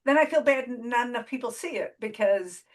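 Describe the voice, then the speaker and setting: A woman hosting a casual interview over a video call, chatty with halting restarts. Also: on the high side. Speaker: interview host.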